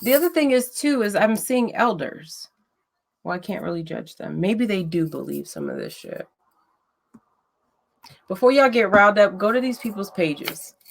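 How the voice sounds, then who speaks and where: Blunt gravelly woman chatting. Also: medium pitch. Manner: blunt, profane, roasting a chat troll. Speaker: livestream host. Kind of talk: casual livestream chat.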